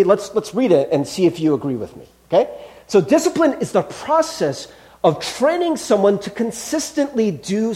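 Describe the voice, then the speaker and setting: A male pastor preaching a sermon. He acts out small scenes and often puts questions to his listeners. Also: high-pitched. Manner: animated, acts out little scenes.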